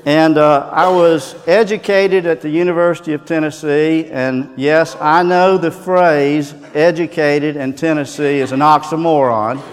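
Southern US man, guest speaker at a chapel, folksy and joking. Slightly high voice, long reverb in a large hall. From Texas. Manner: folksy and joking, with fillers and restarts. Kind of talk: humorous chapel talk.

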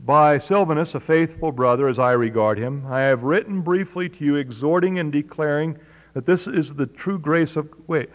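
A man's voice: on the high side, moderate pace, big-room sound. A man teaching a Bible study in a conversational way, asking his listeners questions. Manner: conversational, asks the audience questions. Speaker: preacher.

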